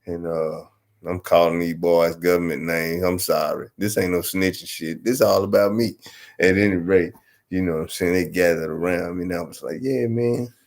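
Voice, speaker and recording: Man, Southern US accent, very low gravelly voice, rambling profane storyteller. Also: little pitch movement, normal speed. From Arkansas. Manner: loose, profane, rambling, constantly asks "you know what I'm saying". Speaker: storyteller host. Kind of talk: casual comic storytelling.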